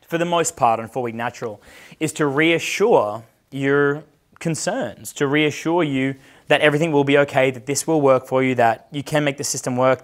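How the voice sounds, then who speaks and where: An Australian man in his thirties, speaking in a fairly high register, tells a rambling story in a casual, profane way. He coaches men on dating and drops into the voices of the people he quotes.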